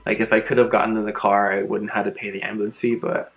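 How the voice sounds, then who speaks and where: A young man with a slightly low voice tells a storytime vlog in a loose, chatty way. He piles on fillers and swears offhandedly as he goes, and faint music plays underneath. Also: quick pace, poor audio. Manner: casual, animated retelling with frequent fillers and swearing. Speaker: vlogger.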